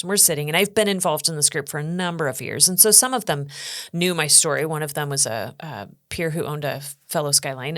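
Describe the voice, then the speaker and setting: A woman's voice: low voice, no room sound, clean studio sound. A middle-aged woman from the United States telling her story earnestly as a podcast guest, acting out what others said. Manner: earnest, animated storytelling with acted quotes. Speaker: guest speaker and coach.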